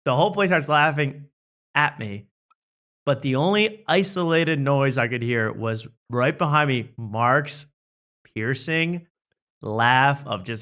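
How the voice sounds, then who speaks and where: A man's voice: medium pitch, a little slow. A young adult man hosting, telling a self-mocking story in casual chat and acting out the people in it. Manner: animated, self-mocking, acts out quotes. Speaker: host.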